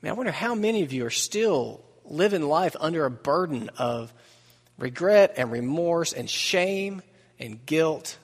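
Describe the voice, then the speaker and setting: A man preaching a sermon in a relaxed, conversational way, mixing humor and asides into the message. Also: on the high side, a little slow. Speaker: pastor. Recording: long reverb of a large hall.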